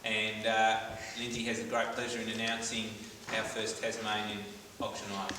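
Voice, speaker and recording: A man hosts a school event in an easygoing, joking way with lots of fillers. He sounds far from the mic in a very echoey hall. Loud background noise runs behind him. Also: on the low side, moderate pace. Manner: relaxed, filler-heavy, joking. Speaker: event host. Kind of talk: casual emcee announcements. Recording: roomy distant hall with noise.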